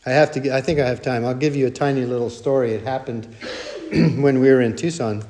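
A man's voice: medium pitch, steady tone, brisk, warm tone. An older man preaching a sermon, earnest and repetitive, with folksy storytelling asides.

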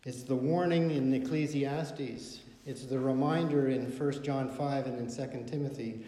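A man's voice: mid-range voice, fairly even intonation, moderate pace, mellow. A man preaching a sermon, quoting scripture with emphasis and asking rhetorical questions. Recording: echoey hall with long reverb.

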